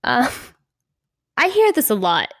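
A young woman with a slight Hispanic American accent, co-hosting a casual discussion in an earnest, measured way with "um" pauses. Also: a little high, huge pitch swings, dry recording, clean studio sound. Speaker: co-host.

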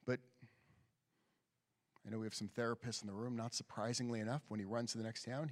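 A man, a rabbi, giving a sermon in a conversational storytelling style inside a synagogue sanctuary. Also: mid-range voice. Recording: long hall reverb.

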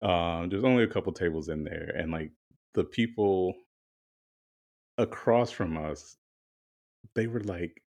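A man's voice: deep voice, measured pace, long pauses, a little mellow. A man co-hosting a podcast, telling a candid, chatty story in casual conversation with some swearing. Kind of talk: casual chat.

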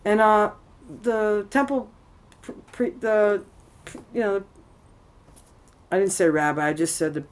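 A woman's voice: mid-range voice, fairly even intonation, unhurried, pauses often. A woman telling a personal story in casual conversation, rambling and frank, swearing freely, at a temple. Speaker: interviewee.

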